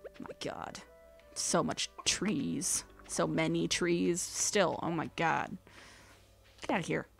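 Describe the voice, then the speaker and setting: A woman's voice: lowish voice, takes it slowly, vocal fry, breathy edge, faint music behind. A young woman hosting a let's play, rambling casually as she plays, counting aloud and drifting into whispered asides. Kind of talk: casual gameplay commentary.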